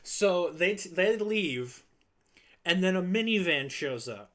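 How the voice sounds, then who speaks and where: A young man on a stream slowly tells a long work story in a high-sitting voice. He's casual but animated, acting out the people in it with different voices.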